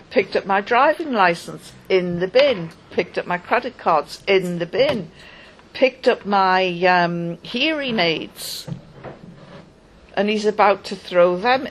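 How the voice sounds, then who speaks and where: A woman recounting a personal experience in a halting, wry first-person account, pausing often as she goes. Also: medium pitch, expressive, slight background noise, poor audio. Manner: halting, wry storytelling with pauses.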